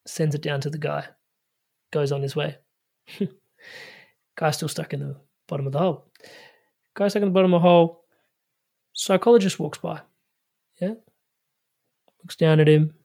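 Animated man talking as a life coach. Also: fairly high pitch. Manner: energetic, storytelling, spiritual self-help phrasing; casual, slangy, frequent fillers. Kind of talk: animated podcast conversation.

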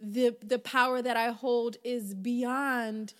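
A woman co-hosting a casual podcast, her voice bright and high with wide swings in pitch. She talks loud and playful, swears freely and keeps cutting in. The sound carries a roomy reverb. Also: fairly even intonation, slow pace. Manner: loud, playful, profane, interrupts often. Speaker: podcast co-host.

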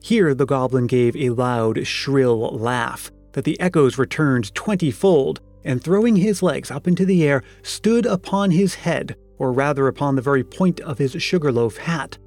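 A man reading a classic story aloud in a measured, expressive narration. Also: medium pitch. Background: faint music.

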